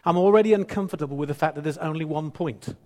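A man in his fifties preaching a sermon, his fairly high voice carrying a long reverb through a church hall. He teases the congregation playfully and drives points home by repeating phrases. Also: fast, darkish tone. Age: 50s. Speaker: pastor.

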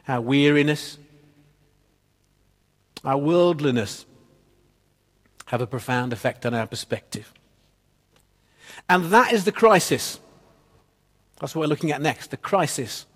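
A man preaching a sermon. He tells stories and drops quietly at the ends of phrases. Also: fairly high pitch, lively intonation, a little slow, pauses often, husky. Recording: long reverb of a church hall.

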